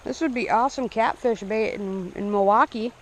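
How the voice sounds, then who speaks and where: A young man narrating his fishing trip casually outdoors, breaking into excited outbursts when he hooks a fish. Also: sits high, normal speed. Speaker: fishing vlogger. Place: outdoors by a small stream. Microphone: action camera. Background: running stream water.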